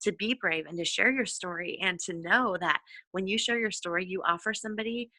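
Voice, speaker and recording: A woman's voice: medium pitch, brisk, bright, forceful tone, no room sound. A woman leading a sales team, giving an effusive, encouraging motivational talk on a conference call with many fillers. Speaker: direct sales team leader.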